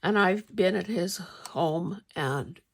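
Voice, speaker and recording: A woman vlogger chatting casually about her finds in a wry, meandering way, often clearing her throat. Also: on the low side, slow pace. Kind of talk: casual show-and-tell chat.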